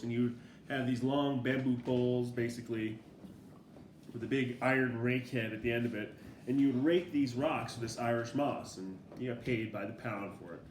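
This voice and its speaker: A middle-aged man, a father, casually telling a family story in a relaxed, rambling way, laughing often as he goes. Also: mid-range voice, a little hiss or hum. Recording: roomy echo.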